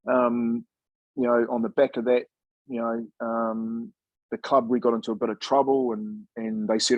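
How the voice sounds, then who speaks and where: Husky-voiced man telling stories easygoingly. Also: mid-range voice, level tone, fairly quick, no room sound, dull audio. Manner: laid-back, chatty, says "mate" often, acts out quoted dialogue. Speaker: former rugby league player and coach, guest. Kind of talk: casual storytelling interview.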